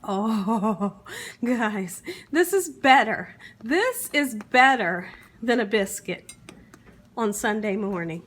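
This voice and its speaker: A woman's voice: a little high, lively intonation, takes it slowly, a bit bright. A woman hosting a home cooking vlog in her kitchen, enthusiastic, often calling out to her viewers and humming as she tastes. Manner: enthusiastic, keeps saying "guys", hums while tasting. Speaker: home cooking channel host.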